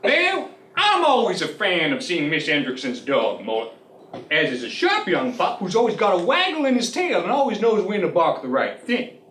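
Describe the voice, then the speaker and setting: Comic sketch: man voicing an indignant old deli man, high and wildly sing-song, roomy and distant. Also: huge pitch swings, moderate pace, fairly bright tone, a little hiss or hum, heavily acted. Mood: prim. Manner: folksy storyteller drawl, prim and easily offended. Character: fussy old male deli owner, folksy and indignant. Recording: roomy sound from a distant mic.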